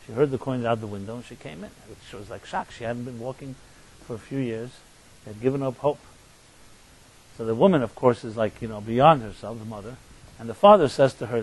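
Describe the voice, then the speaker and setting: A man's voice: mid-range voice, a little mellow, slightly rough, low-quality recording. A man, a rabbi, giving a sermon in a conversational storytelling manner with restarts and asides to his listeners. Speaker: rabbi and teacher.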